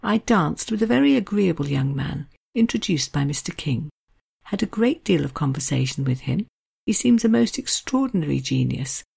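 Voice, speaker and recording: A woman reading aloud plays a wry young gentleman, teasing in a dry, mock-serious way. The voice sits slightly raised over her own deep, gravelly, breathy register, mellow in tone. It is a classic novel scene read by one reader. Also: big pitch swings, moderate pace, full character voice. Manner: dry, playful mockery.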